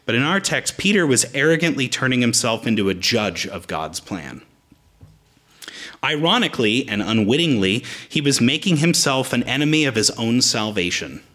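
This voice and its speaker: A man's voice: mid-range voice, a bit bright. A man preaching a sermon, explaining the Greek words in the text as he teaches.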